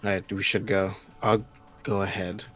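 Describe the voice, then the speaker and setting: Low-voiced man playing a tabletop game. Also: flat delivery, unhurried, a bit bright, soft background music. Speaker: player. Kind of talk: casual chat.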